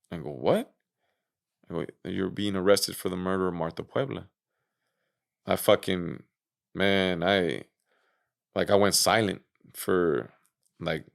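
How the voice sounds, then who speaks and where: A low, gravelly-voiced man talking as a podcast guest. He retells events casually, full of "you know" and "I go," swearing and acting out what others said. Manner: animated retelling with acted-out quotes, swearing, frequent fillers. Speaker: interview guest. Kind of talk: casual storytelling interview.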